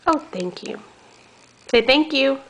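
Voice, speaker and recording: A woman using slow, sing-song baby talk as she coaxes a toddler at home, recorded on a home video camera. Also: high voice, expressive, background noise. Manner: sing-song, coaxing, playful. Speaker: caregiver playing with a toddler.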